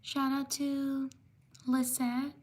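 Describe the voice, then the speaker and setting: Female livestream host, high and flat delivery, unhurried shout-out reading. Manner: slow, steady listing of names with quick apologies. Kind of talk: live stream shout-outs.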